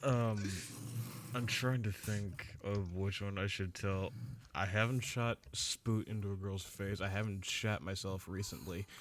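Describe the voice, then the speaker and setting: A man's voice: lowish voice, steady tone, measured pace, crowd noise. A man hosting a casual podcast, rambling through a crude story with many restarts. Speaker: podcast host. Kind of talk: casual chat, telling a story.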